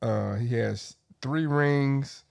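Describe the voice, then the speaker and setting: A man in a casual sports argument with a mid-range voice who keeps pausing to check his numbers. He starts over a lot and reads each figure out slowly. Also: medium pitch, gravelly, a little mellow. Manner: hesitant, reads stats off his phone with restarts. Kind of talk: heated casual sports debate.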